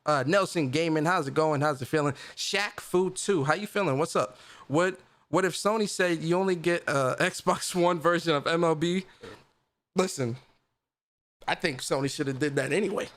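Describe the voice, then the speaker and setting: A man hosts a gaming livestream in loose, slangy chat. He laughs often as he talks. His voice sits a little high for a man. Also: normal speed, fairly bright tone. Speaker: livestream host.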